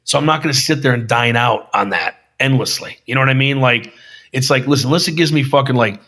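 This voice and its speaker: A film director talking casually as a podcast guest, swearing freely and acting out other people's lines with emphasis. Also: male voice, medium pitch, quick pace, sharp tone. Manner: profane, emphatic storyteller acting out quotes. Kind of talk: casual conversation.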